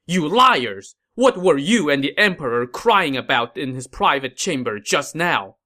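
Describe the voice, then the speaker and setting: A man's voice: mid-range voice, animated, unhurried, sharp tone. A man voicing a ruthless, domineering male regent with a scornful, accusing manner. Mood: furious.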